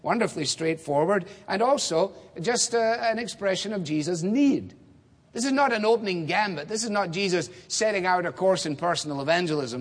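Preacher with a ringing hall echo. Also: male voice, sits high, sing-song, slightly rough. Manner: measured, emphatic, with rhetorical questions. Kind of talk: expository sermon. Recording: long hall reverb.

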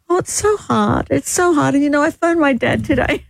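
A woman's voice: high-pitched, expressive, fairly quick, gravelly, no room sound. Woman, 60s, radio co-host, tearful and rambling delivery, dry close mic. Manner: emotional, tearful, rambling with restarts. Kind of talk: casual on-air chat. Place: radio studio.

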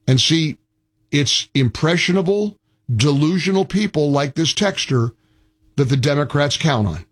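High-voiced combative male radio host. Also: animated, measured pace. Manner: mocking, argumentative, talks over callers. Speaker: radio talk show host. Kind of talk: combative call-in radio talk.

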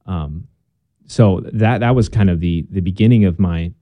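A man's voice: low-pitched, normal speed, dry recording, phone-quality sound. A young man, a guest in a conversation, telling his story in an earnest, casual way and acting out bits of past dialogue.

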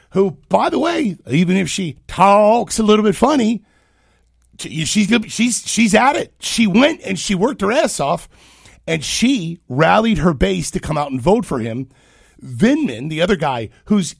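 A man's voice: a little high, creaky, slightly rough, dry recording, clean studio sound. A man hosting a talk show, giving opinionated, mocking political commentary.

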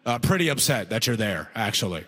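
A man's voice: on the low side, sing-song, a little fast, fairly bright tone, big-room sound. A man from Alberta performing a stand-up comedy set on a festival stage, talking conversationally and tossing in frequent "right?" asides. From Alberta, Canada. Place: comedy festival stage before a live audience.

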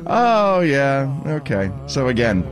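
A man's voice: takes it slowly, over music. A man hosting a talk radio show, delivering sarcastic, mocking political commentary. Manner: sarcastic, mocking, lively pitch swings.

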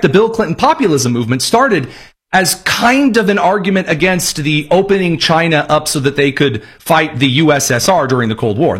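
Husky, sarcastic male political host. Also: on the high side, fairly bright tone. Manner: sarcastic, mocking, rambling. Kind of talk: political commentary show.

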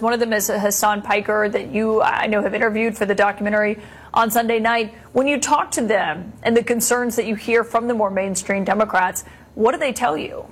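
Female TV anchor, breathy edge, halting probing questions. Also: a little high. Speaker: TV news anchor. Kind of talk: TV news interview question.

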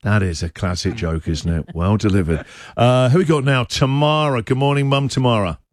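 A man's voice: mid-range voice, moderate pace, dry recording, clean studio sound. A man hosting a radio breakfast show, bantering with callers in an upbeat, teasing way and laughing easily.

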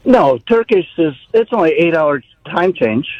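A male caller on a talk radio show, joking dryly and then earnestly pitching advice. His voice is high for a man. The line sounds dull and muffled, but close and dry. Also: lively intonation, a little slow, dry recording.

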